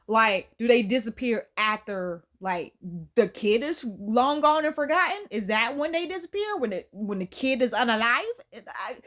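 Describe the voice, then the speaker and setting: A high-voiced woman recaps a film in a loose, chatty way. She talks with animated slang and frequent laughs. Her voice sits noticeably high for a woman. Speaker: YouTube film reviewer. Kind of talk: casual movie recap.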